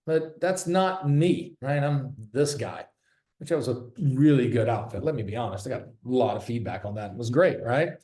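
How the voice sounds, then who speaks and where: A man's voice: mid-range voice, expressive, moderate pace, warm tone. A man who sells real estate, giving a casual, candid talk from his office, joking and swearing freely. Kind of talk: casual presentation. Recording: roomy echo.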